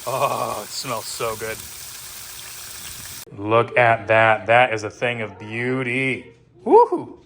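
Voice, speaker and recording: A man's voice: mid-range voice, takes it slowly, pauses often. Chatty man in an echoey space. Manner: rambling, chatty, full of fillers; excited whoops while cooking. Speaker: vlogger. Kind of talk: casual vlog chat. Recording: long hall reverb.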